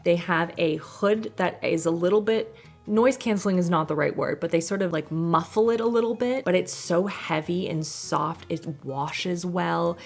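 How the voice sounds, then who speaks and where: A woman's voice: lowish voice, moderate pace, vocal fry, soft background music. A woman casually talking through products she uses at home in a chatty, rambling way, laughing often between thoughts. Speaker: lifestyle vlogger.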